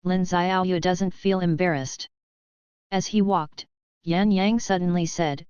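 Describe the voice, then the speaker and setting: Woman narrator, steady audiobook read, smooth lower voice, dry muffled recording. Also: slow pace, dry recording.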